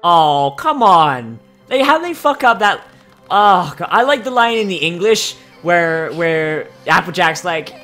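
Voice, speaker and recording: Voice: medium pitch, sing-song, unhurried, pushed and bright, faint music behind. A commentator giving casual, profane, sardonic reactions while watching a cartoon at a desktop computer. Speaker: video reactor.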